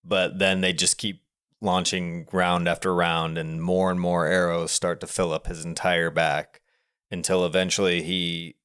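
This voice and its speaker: A man with a deep voice co-hosts a casual film review podcast. He describes the scenes in careful detail and slips in dry jokes. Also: little pitch movement, unhurried, a bit bright, smooth. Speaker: podcast co-host.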